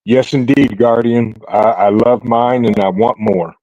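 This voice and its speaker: A man's voice: medium pitch, fairly even intonation, a little slow, warm tone, dry recording. A man hosting a casual group chat over an online call, laid-back and putting questions to the group. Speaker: host. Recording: dull lo-fi call audio.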